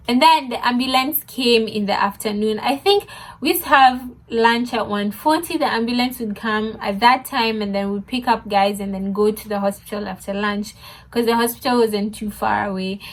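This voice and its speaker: A young woman telling a funny story, animated, laughing often and mixing in Swahili words. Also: a little high, moderate pace. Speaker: vlogger. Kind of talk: casual storytime.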